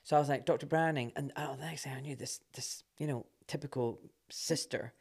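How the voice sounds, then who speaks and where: A man, a surgeon guest telling a story in casual talk, animated and quick to laugh. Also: medium pitch, gravelly, husky.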